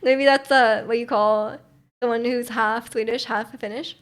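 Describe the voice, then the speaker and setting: Higher-voiced young woman streamer, rambling. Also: fairly even intonation, a little slow. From North America. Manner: rambling, filler-heavy, giggly. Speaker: livestream host. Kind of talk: casual stream chat.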